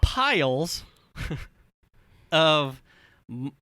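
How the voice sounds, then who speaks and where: A podcast co-host in his thirties, speaking in a fairly high, clean voice and drawing out his words, recounts a family story. He curses liberally and performs the quotes with animation, recorded with no room sound.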